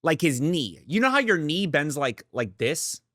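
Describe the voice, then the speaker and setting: A man's voice: fairly high pitch, big pitch swings, moderate pace, a bit bright, dry recording, clean studio sound. A young man hosting a reaction video, talking casually, blunt and profane, often swearing and getting worked up. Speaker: reaction channel host.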